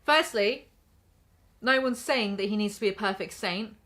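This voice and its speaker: A woman's voice: medium pitch, moderate pace, a bit bright. A young woman ranting through a sarcastic, blunt commentary and swearing freely. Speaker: commentary YouTuber. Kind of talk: reaction commentary rant.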